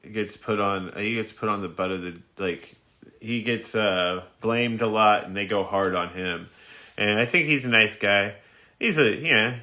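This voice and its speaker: A man's voice: fairly low pitch, pushed and bright. A man in his thirties hosting a phone livestream, chatting casually and rambling with lots of fillers and frequent laughs. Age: 30s. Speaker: livestream host answering questions.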